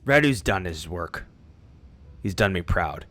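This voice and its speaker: A man's voice: sits low, animated, measured pace, pitched below the performer's own voice, exaggerated voice. A man voicing a stern, snippy elderly vampire hunter in a tabletop game, barking abrupt orders. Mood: gruff. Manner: shouts abruptly, brusque and impatient. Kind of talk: tabletop game role-play.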